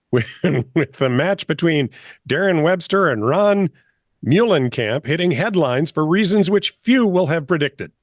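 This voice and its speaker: A man with a fairly high voice reads quirky headlines and banters with his co-host. The sound is dry and close-miked. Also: lively intonation, measured pace, dry recording. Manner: chatty, laughs often, reads headlines. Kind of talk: casual news banter.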